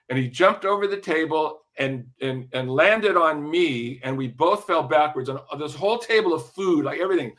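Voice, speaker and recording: An older man with a bright, ringing voice that sits a little high, telling a string of lively stories. He swears freely and keeps checking in with his listener with a quick "right?". It's a relaxed interview chat, all in his own voice. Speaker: music industry veteran guest. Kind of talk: animated anecdote-telling in a podcast interview.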